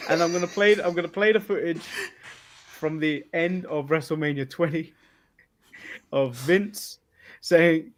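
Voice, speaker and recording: An English man co-hosting a casual podcast, teasing his co-host with deadpan jokes. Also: on the high side, a little slow, long pauses. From England. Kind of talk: casual wrestling podcast chat.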